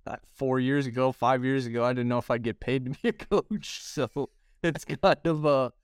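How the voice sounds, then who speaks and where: A man's voice: mid-range voice, moderate pace, clear, resonant tone, no room sound, clean studio sound. A man, a coach who co-hosts a podcast, chatting casually and hesitantly with many ums and uhs. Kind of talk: casual chat.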